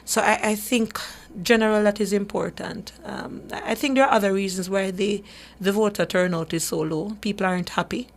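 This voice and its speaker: A Jamaican woman hosts a radio talk show for a human rights group, speaking at normal speed in a medium-pitched voice. She is earnest and emphatic, often repeating words as she gathers her thoughts.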